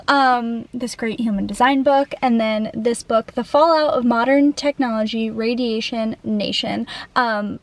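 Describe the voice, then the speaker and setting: A woman's voice: high-pitched, no room sound. A young woman in her twenties chatting casually in a vlog, swearing freely and saying "like" constantly. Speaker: vlogger. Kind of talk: casual chat.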